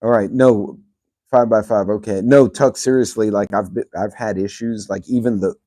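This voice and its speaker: A man's voice: on the low side, steady tone, normal speed, dark tone, no room sound, clean studio sound. A man hosting a casual livestream from a grassy yard, reading names out of the chat and talking to his dogs. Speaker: channel host. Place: yard of a rental house, outdoors. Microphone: phone on speaker.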